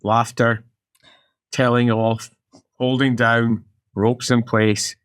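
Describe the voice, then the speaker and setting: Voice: mid-range voice, flat delivery, slow pace, clean tone. A game master, narrating an improvised tabletop game playfully and laughing often.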